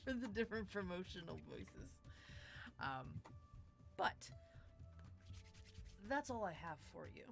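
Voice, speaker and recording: A woman's voice: lowish voice, very animated, measured pace, creaky, pauses often, faint music behind. A woman hosting a tabletop game stream, chatting casually through sponsor reads with lots of fillers and restarts. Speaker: dungeon master and show host.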